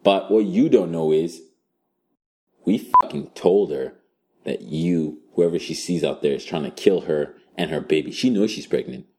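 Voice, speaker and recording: Lively, foul-mouthed male game master. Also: sits low, moderate pace. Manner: crude, profane and animated. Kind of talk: improvised storytelling game.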